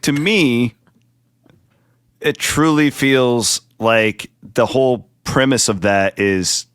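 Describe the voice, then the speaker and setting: A man's voice: medium pitch, a bit bright, dry recording, clean studio sound. A man with a Midwestern American accent hosting a podcast, chatting casually in a jokey, rambling way that often breaks off mid-thought. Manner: chatty, jokey, self-interrupting. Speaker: podcast host. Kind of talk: casual chat.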